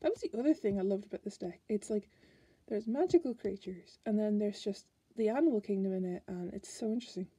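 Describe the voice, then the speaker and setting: Irish girl flipping thru a card deck, kinda breathy husky voice, chatty n rambly. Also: mid-range voice, lively intonation, a little fast, mellow, no room sound. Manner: chatty, musing, trails off and restarts. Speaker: tarot card reviewer. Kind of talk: casual deck flip-through.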